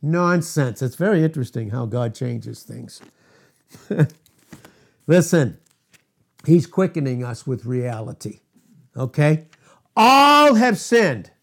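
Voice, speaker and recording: A man preaching a sermon, emphatic and repetitive, quoting scripture with drawn-out stress and laughing between points. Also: mid-range voice, lively intonation, gravelly, dark tone, slightly rough.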